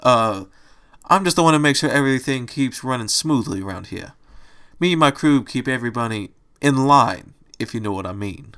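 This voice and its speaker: A man voicing a grumpy, streetwise male bunny who talks in a dry, gruff wiseguy manner. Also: medium pitch, expressive, normal speed, a bit bright.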